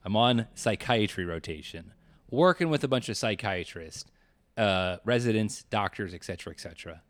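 A young man co-hosting a casual podcast, playful and animated, often laughing. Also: fairly low pitch, normal speed, no room sound. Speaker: podcast co-host.

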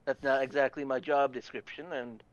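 Male player, quick quips, dull dry mic sound. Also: mid-range voice, flat delivery, no room sound. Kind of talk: casual tabletop play.

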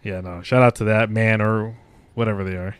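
Casual young man, smooth dry podcast voice. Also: on the low side, steady tone, fairly quick, no echo. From Mexico. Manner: swears a lot, laughs often. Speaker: podcast host. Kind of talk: casual chat.

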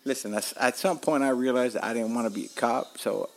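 A man in his forties talks with a Miami accent, rambling through a story as a podcast host. He is frank and profane, and his voice sits in an ordinary middle pitch. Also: a little fast, creaky, a little hiss or hum. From Miami, Florida. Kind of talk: casual storytelling monologue.

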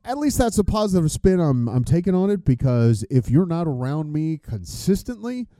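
A man's voice: on the high side, sing-song, normal speed, mellow, dry recording, studio quality. A man hosting a casual podcast chat, rambling, swearing freely and losing his train of thought. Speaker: podcast host.

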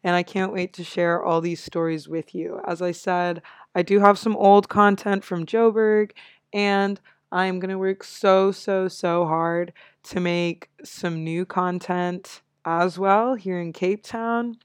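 A woman's voice: fairly low pitch, fairly even intonation, slow pace, clean tone, dry recording. A young American woman hosting her own show, chatting casually and upbeat with frequent laughs. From United States. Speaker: podcast host. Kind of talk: casual solo chat.

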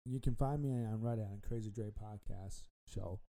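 A man's voice: lowish voice, normal speed, dark tone, poor audio. A man hosting a casual sports podcast, rambling and repeating himself with frequent ums. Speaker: podcast host.

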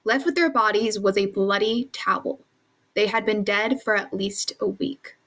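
Woman, podcast co-host, case narration, measured, mid pitch. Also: fairly bright tone.

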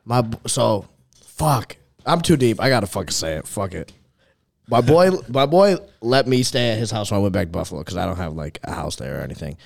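A man's voice: lowish voice, very animated, brisk, vocal fry, no echo. A young man in casual chat, telling profane, rambling stories as a podcast co-host.

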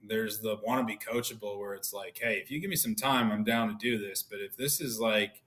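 Fairly quick and lowish in voice, this man in his thirties, once a professional pitcher, is a podcast guest spinning casual stories. He's animated and performs the dialogue of the people he quotes.

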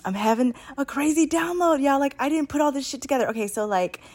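Rambling, excitable woman swearing casually. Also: sits high, quick pace. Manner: rambling, profane, excitable, slangy. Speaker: spiritual channeler. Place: home, at night.

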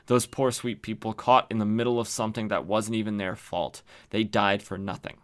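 A man's voice: fairly low pitch, steady tone, moderate pace, a bit bright, clean tone, lightly acted. A man reading as a grieving young heroine. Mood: sorrowful. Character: young woman hero, grieving and gentle. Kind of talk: reading comic dialogue aloud.

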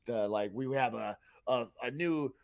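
A man's voice: mid-range voice, measured pace, gravelly. A man from Tampa, Florida, co-hosting a podcast, ranting angrily with heavy swearing. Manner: angry, profane, emphatic. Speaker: podcast co-host. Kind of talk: heated podcast rant.

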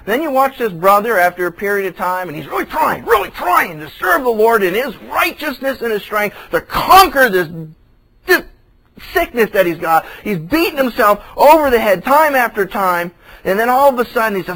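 High-voiced preaching man. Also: moderate pace, low-quality recording. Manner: animated preaching that acts out quoted voices; repeats phrases for emphasis. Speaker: pastor. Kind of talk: sermon.

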